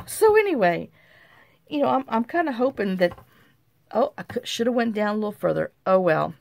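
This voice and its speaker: A woman's voice: on the high side, very animated, moderate pace, gravelly, darkish tone. A middle-aged woman, hosting a chatty crafting tutorial at her craft table and rambling off on folksy, self-mocking tangents.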